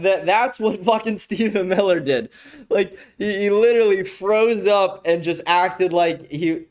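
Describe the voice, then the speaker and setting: A young man hosts a podcast and comments on a clip. He talks in a loose, rambling way with plenty of profanity. His voice sits a little high for a man. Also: measured pace. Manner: rambling, frequent swearing, restarts. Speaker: podcast host.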